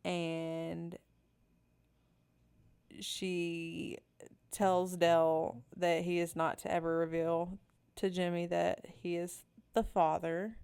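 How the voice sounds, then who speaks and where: A woman co-hosting a casual podcast, telling the story in an unhurried, laid-back way. Her voice sits a little low and comes through smooth and clean. She fills the gaps with "um" and "like" as she goes. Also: level tone, darkish tone. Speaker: podcast co-host recapping episodes. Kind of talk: casual chat.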